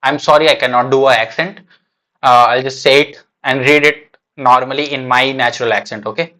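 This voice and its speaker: A man's voice: medium pitch, fairly even intonation, fairly quick, sharp tone. A man streaming a live reaction, thinking aloud in a casual, hesitant way with lots of fillers and restarts. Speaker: streamer reacting to a manga chapter.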